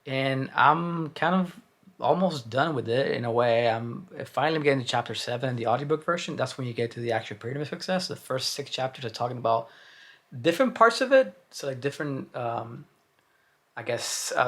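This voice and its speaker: A man's voice: mid-range voice, lively intonation, fairly quick, fairly bright tone. A man giving a casual spoken book review, hesitant and rambling, with frequent restarts and fillers.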